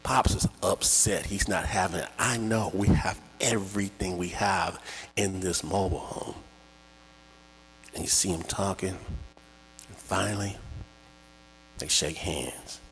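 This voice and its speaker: A man telling a personal story live, in an animated, theatrical and conversational way, with a slightly husky voice. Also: sits low, unhurried, pauses often, slight background noise. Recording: echoey hall with long reverb.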